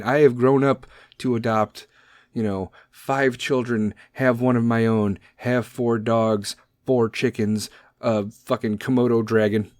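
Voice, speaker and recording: On a podcast microphone, a man in his thirties hosts a show from home and talks in a casual, blunt, emotional way, cursing freely. His voice is lowish with a darkish tone, and the studio sound is clean with no echo.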